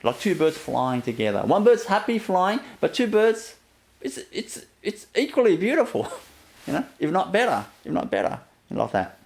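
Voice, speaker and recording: Soft-spoken guy teaching spirituality, kinda high voice, chuckles a lot, says you know constantly. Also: very animated, moderate pace, creaky. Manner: gentle, laughs softly between phrases; repetitive, fills with "you know". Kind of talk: inspirational talk.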